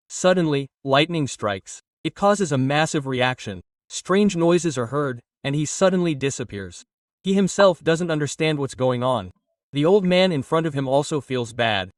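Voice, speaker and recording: A man narrating an anime recap in a plain, steady, repetitive storytelling way. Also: on the high side, moderate pace, dry recording. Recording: dry, a bit distant from mic.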